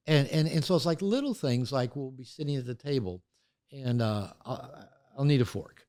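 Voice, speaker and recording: A man's voice: mid-range voice, normal speed. An older man, an author and therapist, talking candidly in an interview and acting out quoted voices as he tells stories. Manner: animated storytelling, acts out quoted voices.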